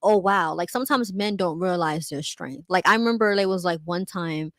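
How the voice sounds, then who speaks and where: A woman's voice: on the low side, brisk, a bit bright, no room sound. A young woman talks straight into her phone or webcam on a livestream, candid and emphatic. She keeps dropping "like" and "you know" into her sentences. The sound is close and dry, with no room around her. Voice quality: frequent "like" and "you know" fillers. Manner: candid, emphatic, acts out quotes in other voices. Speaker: vlogger. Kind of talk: livestream monologue.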